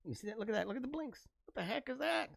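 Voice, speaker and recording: A man hosting a live stream, chatting casually in a rambling, energetic way and laughing often. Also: very high voice, fast talker, vocal fry, no echo, studio quality. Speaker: livestream host.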